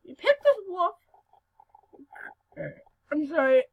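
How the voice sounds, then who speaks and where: Squeaky girl voice, slow chatty gameplay talk, giggly, random loud yells. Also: phone-quality sound. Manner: giggly and excitable, with sudden loud outbursts. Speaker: gaming video host. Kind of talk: casual gameplay commentary.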